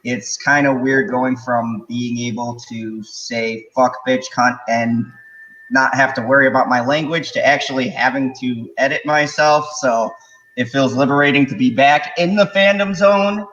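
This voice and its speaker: A man hosting a casual online fan chat, his middle-pitched voice loose and joking with frequent laughter. The audio is dull and lo-fi, like a web call. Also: unhurried, fairly bright tone. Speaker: host.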